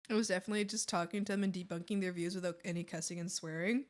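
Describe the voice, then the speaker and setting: A woman's voice: lowish voice, steady tone, rapid-fire, few pauses. A woman art streamer chatting casually with her viewers, telling stories with frequent laughter and acting out the people in them. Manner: laughs often, acts out the other side in her stories. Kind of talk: casual chat while drawing on stream.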